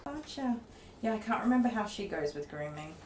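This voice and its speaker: A woman's voice: mid-range voice, sing-song, fairly quick. An Australian woman grooming dogs on a livestream, chatting casually, coaxing the dogs and often laughing. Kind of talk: casual livestream chat while working. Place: grooming salon. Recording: roomy distant mic with loud noise.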